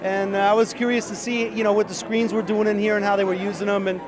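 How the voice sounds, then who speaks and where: A man's voice: high-pitched, little pitch movement, fast, poor audio. A man being interviewed as a musician, talking in a loose, rambling way with many fillers. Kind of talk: casual interview. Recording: crowd noise behind.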